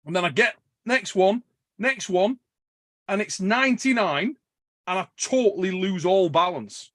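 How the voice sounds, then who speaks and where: A man's voice: sits high, measured pace, dry recording, clean studio sound. A man hosting a podcast, telling a story in casual chat, swearing and laughing as he goes. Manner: animated, swears a lot, laughs while telling stories. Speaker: podcast host.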